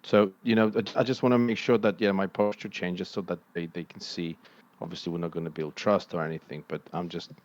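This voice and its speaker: A man describing his character's actions as a player, thoughtful and halting. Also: deep voice, little pitch movement.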